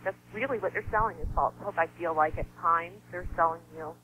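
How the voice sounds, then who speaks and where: A woman guest speaking in a soft, heartfelt way in a conversational interview, with sighs and small laughs. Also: lowish voice, a little fast. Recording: slightly dull sound with faint noise.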